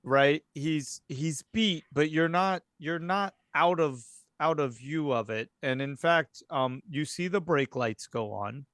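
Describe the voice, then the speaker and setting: Game master, male, smooth voice, halting narration, dry mic. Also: a little high, fairly bright tone, dry recording. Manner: hesitant, many fillers and restarts.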